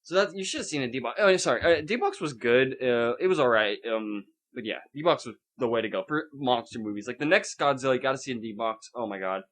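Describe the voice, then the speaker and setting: A man's voice: medium pitch, lively intonation, a little fast, few pauses, a bit bright. A young man co-hosting a podcast in casual chat, ranting and swearing with sarcasm. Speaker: podcast co-host.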